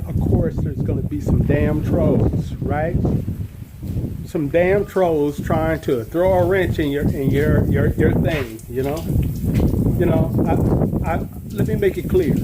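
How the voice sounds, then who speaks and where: A man in a casual vlog, talking in a relaxed, rambling way with many fillers and restarts. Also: on the high side, very noisy. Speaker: vlogger. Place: in Gambia, outdoors.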